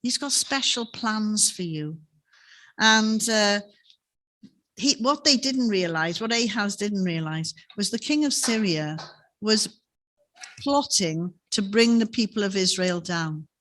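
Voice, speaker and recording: A woman's voice: medium pitch, takes it slowly, a bit bright. A woman giving a sermon in a chapel, telling stories in a conversational way and often ending on tag questions. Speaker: preacher.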